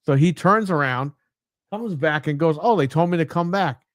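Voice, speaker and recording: A man on a casual gaming podcast, his voice sitting a little high and recorded dry and close. He rambles through everyday anecdotes, swearing as he goes. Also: moderate pace, no echo. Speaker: podcast co-host. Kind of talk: casual chat.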